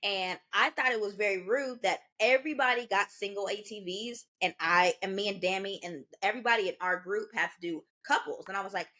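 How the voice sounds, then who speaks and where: Chatting casually as a podcast co-host, a woman in her twenties tells her story with energy, jumping into the voices of the people she quotes. Her pitch sits in the middle range for a woman, and she talks fairly quickly with hardly any pauses.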